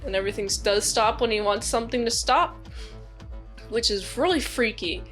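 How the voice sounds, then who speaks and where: A woman's voice: fairly high pitch, normal speed, a bit bright, faint music behind. A woman giving a casual movie review, rambling with lots of "like"s. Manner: rambling, many "like"s, acts out quotes.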